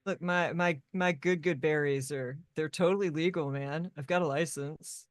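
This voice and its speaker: A woman doing a mellow stoner surfer dude. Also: low voice, fairly even intonation, normal speed, no room sound, clean studio sound, pitched below the performer's own voice, lightly acted. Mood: laid-back. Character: laid-back stoner surfer young man.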